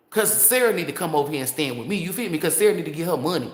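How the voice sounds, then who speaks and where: A woman's voice: low-pitched, expressive, racing. A woman tarot reader talking straight to her viewers in a blunt, profane, fired-up unscripted monologue. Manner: blunt, profane, fired-up storytelling with rhetorical asides. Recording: roomy echo.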